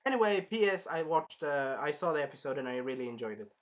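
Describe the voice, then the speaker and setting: In an animated, fast, mid-range voice, a person rambles through a laid-back anime episode review. They curse freely, drift away from the subject, and launch into loud impressions of the characters.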